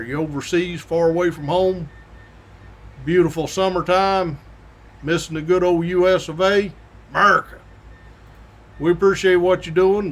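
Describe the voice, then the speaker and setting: A man's voice: on the high side, a little hiss or hum. A middle-aged man, a police sergeant, telling stories in a folksy, drawling way and chuckling as he goes. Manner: folksy, drawling, laughs through his stories. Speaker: state police sergeant hosting a weekly show. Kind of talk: casual storytelling monologue.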